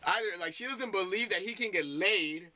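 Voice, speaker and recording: Young male reaction vlogger, casual and goofy, high bright voice, dry recording. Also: moderate pace, no room sound. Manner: laughing, rambling, joking.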